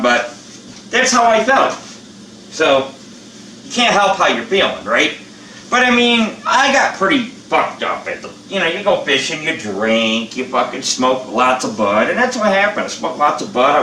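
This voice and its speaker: A man's voice: mid-range voice, bright, forceful tone, far from the mic, a little hiss or hum. Blunt rambling older man, echoey room. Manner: blunt, rambling, profane and chatty. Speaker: channel host. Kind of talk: casual how-to vlog chat.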